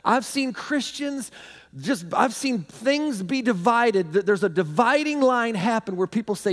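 A man's voice: very high-pitched, animated, unhurried, fairly bright tone, big-room sound. A man preaching a sermon, urgent and pleading, stumbling over repeated restarts.

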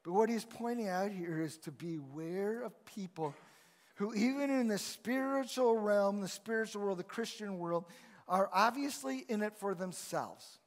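A male pastor preaching a sermon in a conversational, emphatic way in a church. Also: high voice. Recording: long reverb of a large hall.

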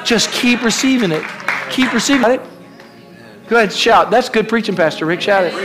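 A man's voice: high voice, expressive, brisk, over music, crowd noise. A male pastor preaching a fervent sermon, with repeated calls to the congregation.

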